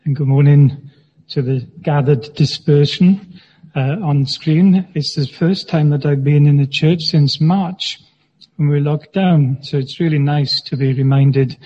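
Male minister, measured sermon with dry humor; muffled, lo-fi church recording with a long echo. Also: a little high, steady tone, husky. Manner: measured, gently humorous preaching. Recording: dull sound with long church reverb.

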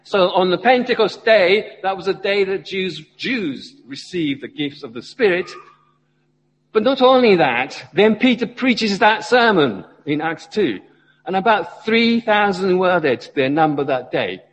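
A man's voice: sits high, big pitch swings, unhurried, big-room sound, poor audio. A man, a church member, preaching a sermon and asking his listeners questions as he goes. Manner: asks the congregation questions, rising and falling emphasis. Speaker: lay preacher.

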